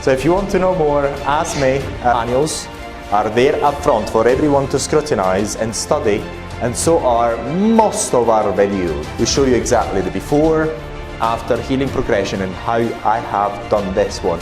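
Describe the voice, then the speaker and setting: A man's voice: mid-range voice, expressive, normal speed, music in the background. A man with an Italian accent giving a chatty, joking presentation at a conference, with many fillers and restarts. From Italy. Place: conference hall.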